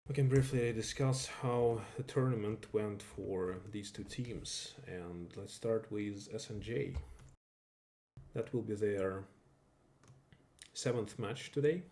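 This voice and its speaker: A man whose first language is not English commentating a live stream match, halting and correcting himself as he goes. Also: on the low side, warm tone, a little hiss or hum. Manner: halting, self-correcting, with fillers.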